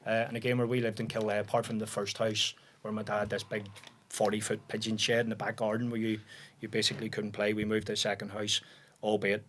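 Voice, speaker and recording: A Northern Irish man in his forties, appearing as a podcast guest, tells relaxed stories in casual conversation and keeps restarting sentences around filler words. His voice sits on the low side, he talks fast, and there's a faint hiss or hum on the recording.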